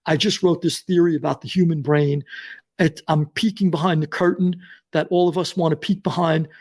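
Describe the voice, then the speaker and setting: A man, a guest author telling stories in an interview and acting out the dialogue. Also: on the high side. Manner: acts out dialogue in quotes, fast and excited. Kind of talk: animated storytelling interview.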